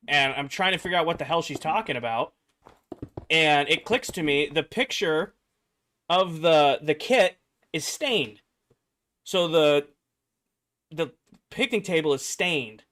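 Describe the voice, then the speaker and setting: Telling his chat a meandering personal story on stream, a young man gets animated and voices the characters he quotes. His voice is on the high side, and he speaks at a measured pace with frequent pauses.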